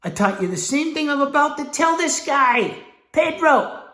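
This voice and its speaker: A man's voice: very high-pitched, lively intonation, moderate pace, bright, forceful tone. Blunt, profane man in an echoey room. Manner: blunt, profane, acts out sales dialogue. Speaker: sales trainer. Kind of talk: profane motivational sales class.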